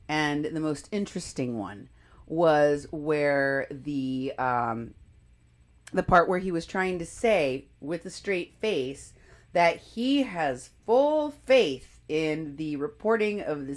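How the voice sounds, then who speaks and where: A woman co-hosting a casual political talk show, commenting quickly and with animation. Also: low-pitched, lively intonation. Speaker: co-host.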